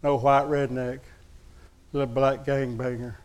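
A man's voice: mid-range voice, flat delivery, unhurried, darkish tone, smooth. Folksy male preacher telling a story. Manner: folksy, candid, humorous storytelling to a congregation. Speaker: pastor. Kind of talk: sermon storytelling.

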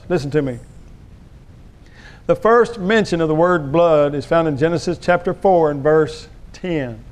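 A male pastor delivering a sermon in an emphatic, preachy manner, pressing his congregation to respond. His voice sits somewhat high and sounds smooth and resonant.

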